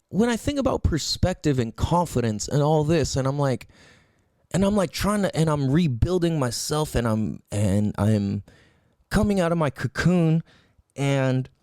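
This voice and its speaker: In a dry, clean studio recording, a man with a fairly high-pitched voice hosts his own podcast alone. His rant wanders, swears freely, and stays animated, leaning on lots of emphatic rhetorical questions.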